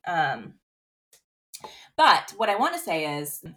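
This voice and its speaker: A woman's voice: sits low, huge pitch swings, slow, noisy background. A woman in her thirties co-hosts a casual podcast. She tells rambling, candid stories and swears without a second thought. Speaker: podcast co-host. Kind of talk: casual chat.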